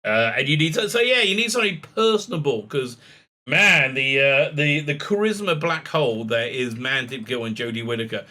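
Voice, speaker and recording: A man's voice: mid-range voice, brisk, bright, forceful tone. A man giving sarcastic commentary, reading quotes aloud with lots of fillers and laughs. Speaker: commentary vlogger.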